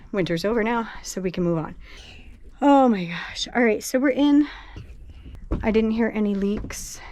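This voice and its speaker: Breathless, slow-talking woman on a boat. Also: mid-range voice, background noise. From New England. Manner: chatty, laughing, slow and rambling. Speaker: boat vlogger. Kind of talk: casual vlog narration. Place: on a boat, below deck.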